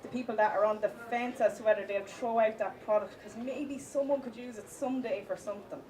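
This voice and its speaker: A woman giving a live conference talk, with many fillers and restarts, stressing the points of a list slowly. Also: a little high, steady tone, mellow, a little hiss or hum. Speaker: conference speaker. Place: conference hall with audience. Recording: distant mic, audience in hall.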